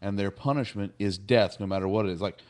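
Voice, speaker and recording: A man's voice: on the low side, fast, a little mellow. A man in a casual podcast chat who retells a TV episode in a loose, rambling way, chuckling and filling gaps with "like" and "you know.". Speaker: podcast co-host.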